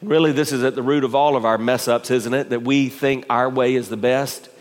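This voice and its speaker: A man's voice: mid-range voice, steady tone, brisk. A male pastor preaching a sermon to his congregation, building intensity with rhetorical questions. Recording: long hall reverb.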